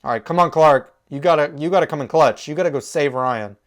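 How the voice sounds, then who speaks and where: A man's voice: a little high, a little fast. A young man hosting a TV reaction video, talking emotionally to his viewers, with faint music from the show behind him. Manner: emotional, exclaiming, talks to viewers. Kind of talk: casual reaction commentary.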